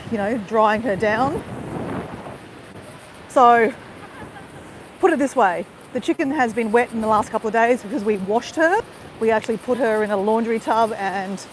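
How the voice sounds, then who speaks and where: A woman's voice: fairly high pitch, a little hiss or hum, low-quality recording. A woman vlogger crying as she talks, rambling with lots of "you know" while on a walk outdoors. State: tearful, crying. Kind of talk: emotional live-stream monologue.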